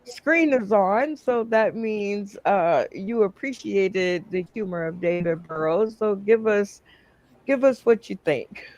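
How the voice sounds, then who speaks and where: A man hosting a comedy game show, friendly and unhurried like an emcee. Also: high-pitched, no room sound, dull audio.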